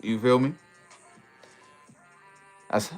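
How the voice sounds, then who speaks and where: A man hosting a casual livestream in a relaxed, easygoing way, reading viewer comments aloud and greeting them. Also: medium pitch, extremely slow, soft background music. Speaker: livestream host.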